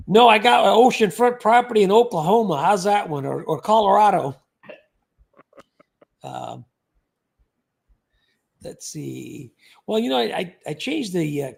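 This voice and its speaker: A man with a rather high voice and a gravelly, creaky edge hosts a casual livestream. He rambles from one viewer comment to the next, joking along the way and thanking each person by name.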